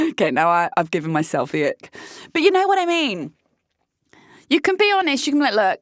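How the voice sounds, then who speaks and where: A fairly high-voiced woman in her thirties vlogs about dating in a blunt, animated way, swearing freely and laughing often. The sound is dry and close, with no room echo. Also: brisk, pauses often. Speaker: dating vlogger. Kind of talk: casual candid vlog monologue.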